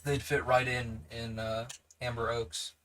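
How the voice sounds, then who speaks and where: A man's voice: medium pitch, level tone, a little slow, fairly bright tone, rough recording. A man with a New Zealand accent reading a novel aloud on a livestream, breaking off into chatty asides to his live chat. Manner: chatty, digresses and answers live chat between passages. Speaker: livestream book reader.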